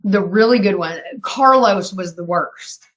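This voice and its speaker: A woman's voice: mid-range voice, measured pace, low-quality recording. A woman in her fifties hosting a live stream, talking to her chat in a brash, profane, taunting way while drinking. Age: 50s. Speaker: livestream host.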